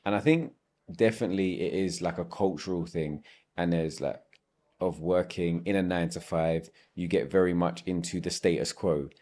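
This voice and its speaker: A man's voice: deep voice, moderate pace, a little mellow. A man hosting a podcast interview, asking long, winding conversational questions. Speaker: podcast host.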